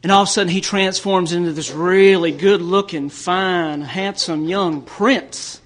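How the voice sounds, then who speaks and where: A Southern US man giving a recovery talk at a conference, telling folksy stories that build to joke punchlines. His voice sits high for a man, and he often stammers and restarts mid-sentence. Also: a little slow. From Tennessee, US. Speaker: AA speaker.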